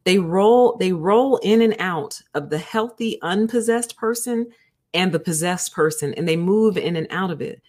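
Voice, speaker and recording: A woman's voice: on the low side, moderate pace, darkish tone. A woman hosting a book review livestream, chatting casually and talking straight to her viewers. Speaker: host of a book review show.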